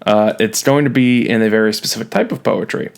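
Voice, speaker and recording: A man's voice: fairly low pitch, a little fast, vocal fry. A man teaching a recorded lesson, playful and jokey, leaning hard on key words. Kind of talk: recorded classroom lecture.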